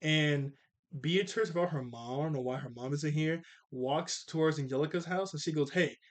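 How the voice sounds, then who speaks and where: A man's voice: a little high, moderate pace. A young man casually recapping a cartoon episode, laid-back and slangy, with chuckling asides.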